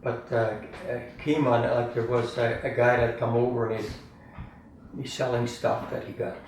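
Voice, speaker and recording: The family storyteller, an older man, casually reminisces at normal speed in a level, medium-pitched voice. His telling rambles and is punctuated by chuckles and a habitual "eh?" at the end of phrases. Faint room noise fills the roomy, distant-mic recording.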